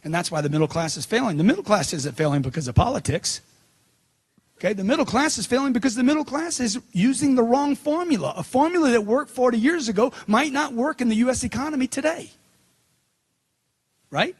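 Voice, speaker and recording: Middle-aged guy doing a motivational talk, high husky voice, punchy, repeats stuff for emphasis. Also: lively intonation, a little fast. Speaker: motivational speaker. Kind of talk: seminar speech.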